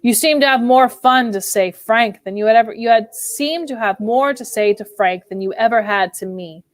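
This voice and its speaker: A woman's voice: a little high, moderate pace, no echo, lightly acted. A woman voicing a brooding, tormented older husband, speaking with bitter intensity in a dry, close reading. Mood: wounded.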